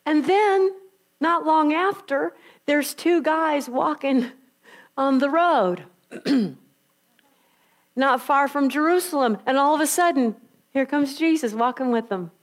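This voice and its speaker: A woman's voice: high-pitched, takes it slowly, long pauses. A woman preacher retelling scripture in a conversational, emphatic storytelling sermon.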